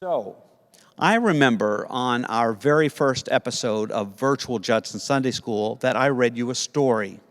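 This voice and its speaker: A man teaching Sunday school to kids, telling a story in a playful, animated way. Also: mid-range voice, unhurried, long reverb tail. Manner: playful, animated storytelling with put-on character voices.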